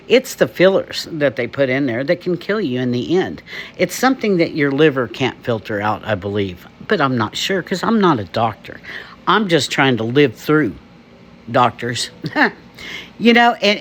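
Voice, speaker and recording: A man's voice: fairly high pitch, a bit bright, a little hiss or hum. A man from the United States ranting emphatically to camera, laughing often. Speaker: vlogger. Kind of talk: opinion rant to camera.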